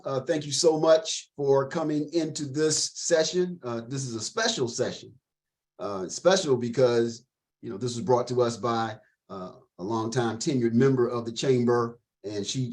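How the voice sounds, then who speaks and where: Male host opening a session, mid-pitched, relaxed, halting delivery. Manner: relaxed, with frequent filler pauses. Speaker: chamber president and host. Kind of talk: introducing a session.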